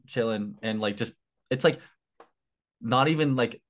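Casual young male interviewer, filler-heavy and apologetic, medium pitch. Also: measured pace. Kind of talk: casual chat.

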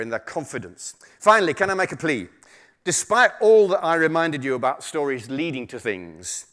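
A man's voice: mid-range voice, a bit bright. A man who is a storyteller, speaking to teachers in a chatty, joking, self-deprecating way. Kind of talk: humorous talk to an audience.

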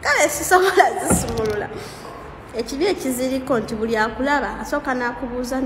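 A woman telling stories in a casual, animated monologue, often laughing as a TikTok creator. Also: a little high, quick pace, echoey room, big-room sound, background noise. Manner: animated, laughing, mixing languages.

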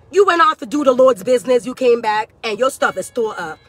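Fervent high-voiced woman preaching. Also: expressive, normal speed, hardly any pauses, slightly rough, faint music behind. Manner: fervent, repetitive, shouting at peaks. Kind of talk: prophetic sermon.

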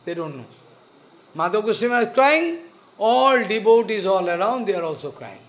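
A man giving a spiritual sermon, slow and earnest, repeating his phrases. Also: high-pitched, sing-song, a bit bright. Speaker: spiritual teacher.

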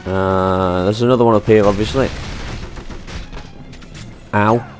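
A man casually commentating his gameplay on a headset mic, chatty and quick to exclaim. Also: lowish voice, fairly even intonation, faint music behind. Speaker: let's play gamer.

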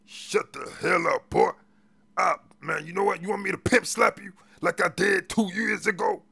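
A man plays a blustering, gruff police officer on the take in a game role-play, chasing a bribe with a deeply gravelly, husky, slightly high voice. He sounds bright and forceful, stammering through street slang at normal speed in an exaggerated, threatening way.

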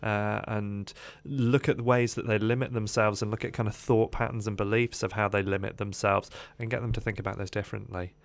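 A man's voice: on the low side, level tone, a little fast, creaky, few pauses. A man, a guest on a radio interview, telling his life story in a rambling way with many fillers, recorded in a studio.

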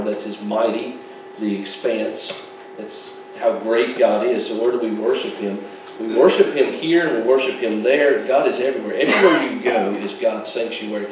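A man's voice: lowish voice, moderate pace, slight background noise. A man preaching a sermon as pastor, folksy and joking, with asides and laughs. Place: church sanctuary. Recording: echoey church hall, mic at a distance.

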